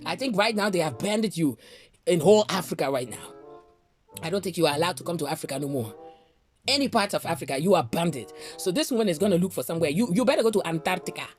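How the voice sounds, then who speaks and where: A woman's voice: on the low side, animated, quick pace, faint music behind. A woman vlogger giving ranting gossip commentary, outspoken and indignant, with frequent exclamations. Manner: outspoken, indignant, exclaims "Lord have mercy".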